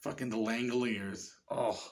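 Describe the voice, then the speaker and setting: A man reviewing a horror movie in a casual, rambling way, swearing often and getting excited. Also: mid-range voice, a little slow. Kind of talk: casual chat.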